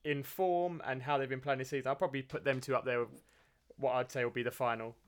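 Brief: easygoing young co-host, measured, a few hesitant restarts, mid-range voice. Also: male voice, mid-range voice, steady tone. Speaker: podcast co-host. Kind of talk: casual football podcast chat.

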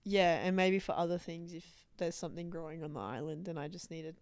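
A young woman co-hosting a casual podcast chat, playful and teasing, quick to laugh. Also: fairly low pitch, fairly even intonation, clean tone, dry recording. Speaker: podcast host.

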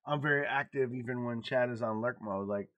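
A man in his forties chats as a podcast co-host, speaking openly and confessionally and swearing without a second thought. His voice sits at a middle pitch. The recording is dry and close, with no room sound. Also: fairly quick, a bit bright, dry recording, dull audio. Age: 40s. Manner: frank and confessional, swears freely. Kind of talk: casual podcast chat.

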